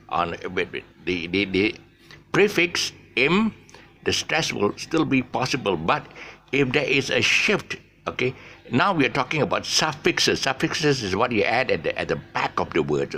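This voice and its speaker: A man's voice: mid-range voice, very animated, unhurried, bright, forceful tone. A man teaching in a casual, rambling way, with many fillers and restarts. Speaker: English teacher. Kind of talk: casual spoken English lesson.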